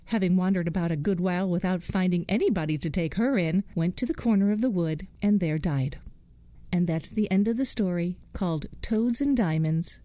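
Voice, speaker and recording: A woman reading a bedtime fairy tale slowly and soothingly. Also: on the low side, warm tone, no room sound. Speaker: bedtime storyteller. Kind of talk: scripted bedtime narration.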